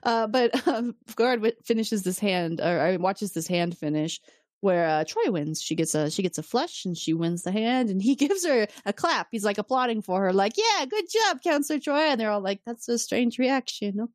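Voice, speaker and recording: This podcast co-host recaps episodes in casual chat, retelling a story with animation and voicing each character's lines. Her mid-range voice is expressive and darkish, at a normal pace, captured in clean studio quality with no room sound.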